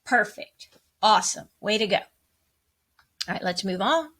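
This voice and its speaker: A woman's voice: medium pitch, lively intonation, slow pace, heavy background noise. A woman teaching a music lesson, encouraging as she counts and chants rhythms aloud.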